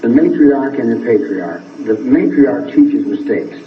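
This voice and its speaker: A man's voice: animated, unhurried, a little hiss or hum. Rambling man on old TV tape. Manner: rambling, swings from low drawl to high heated outbursts. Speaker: interviewee. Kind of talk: rambling interview answers. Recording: archival phone-like TV audio, echoey, distant.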